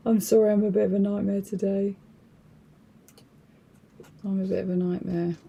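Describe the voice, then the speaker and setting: A woman's voice: medium pitch, flat delivery, unhurried, vocal fry, warm tone, husky, dull audio. A woman hosting a casual crafting livestream, rambling and thinking aloud in a chatty, self-deprecating way.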